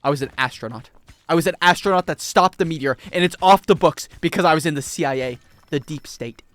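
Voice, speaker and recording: A young man streaming a video game, rambling and joking casually with his chat. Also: quick pace. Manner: rambling, joking, animated swings in pitch.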